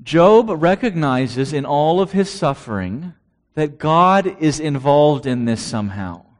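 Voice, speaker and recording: A male preacher delivering a sermon at an unhurried, deliberate pace. He reads scripture aloud and keeps putting rhetorical questions to his listeners, in a voice set a little high for a man. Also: animated.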